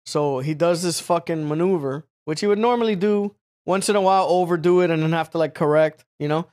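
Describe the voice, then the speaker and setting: A young man telling a rambling, profane story in casual chat, full of fillers and animated asides. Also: on the high side, brisk.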